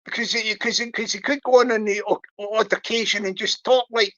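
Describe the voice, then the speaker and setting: A woman with a high, bright voice chats her way through a livestream, playful and giggly, and she takes her time. The sound is dull and lo-fi. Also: moderate pace. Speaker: livestream host. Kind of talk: casual livestream chat. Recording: dull lo-fi stream audio.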